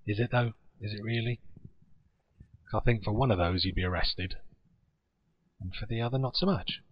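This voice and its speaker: Man, podcast host, low husky voice, sarcastic news reading, dull lo-fi audio. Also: moderate pace, a little hiss or hum. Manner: reads news items aloud with sarcastic asides. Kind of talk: casual chat.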